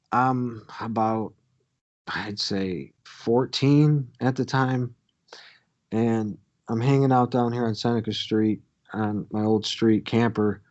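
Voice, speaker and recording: Crude storytelling man on lo-fi audio. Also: lowish voice. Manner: crude, swearing, animated storyteller. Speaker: podcast co-host. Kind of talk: casual storytelling.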